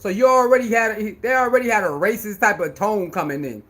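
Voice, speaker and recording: A man giving an animated sports rant, loud and laughing, with heavy slang and repetition. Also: high voice, fast. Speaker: sports commentator.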